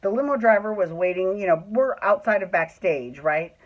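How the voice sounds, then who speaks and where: A man's voice: sits high, animated, normal speed, dull audio. Chatty, cussing man telling a story. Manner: chatty, swears freely, acts out what people said. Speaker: storyteller host. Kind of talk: casual storytelling.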